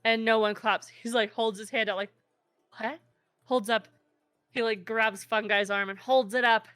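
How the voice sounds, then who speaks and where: A woman's voice: on the high side, fairly even intonation, normal speed, a bit bright, dry recording. A woman narrating a tabletop game as game master, in a chatty way, laughing often and using lots of fillers.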